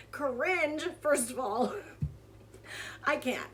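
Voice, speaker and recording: High, bright-voiced woman ranting. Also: animated, moderate pace. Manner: heated, ranting, sarcastic. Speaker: commentary vlogger. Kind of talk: casual drama commentary.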